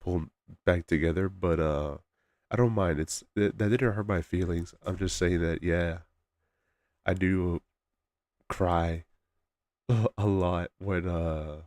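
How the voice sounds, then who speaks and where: Male streamer with a low, mellow voice, halting and soft-spoken, casual stream chat. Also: fairly even intonation, no echo, studio quality.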